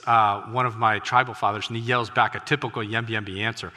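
Animated preacher man in a reverberant hall. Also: on the low side, fast. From United States. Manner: animated, breaks into loud exclamations. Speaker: missionary preacher. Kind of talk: sermon with storytelling. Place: church sanctuary.

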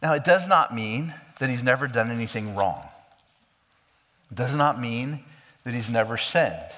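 A man's voice: medium pitch, lively intonation, a little slow, sharp tone. A man preaching a sermon, explaining scripture with emphatic, questioning delivery. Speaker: pastor. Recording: long hall reverb.

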